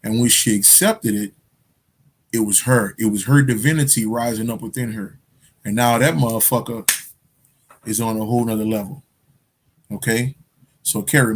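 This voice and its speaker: A man's voice: mid-range voice, a little hiss or hum. Laid-back man chatting with viewers in slang. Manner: loose, profane street slang, repeats phrases. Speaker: spiritual livestream host. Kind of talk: casual livestream chat answering viewer questions.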